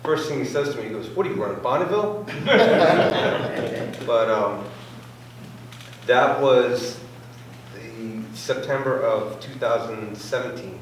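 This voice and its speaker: Slowly and with frequent pauses, a man with a mid-range voice shares a casual racing anecdote at a club meeting, acting out quotes and sound effects. He's far from the mic in a heavily echoing room, with faint noise audible.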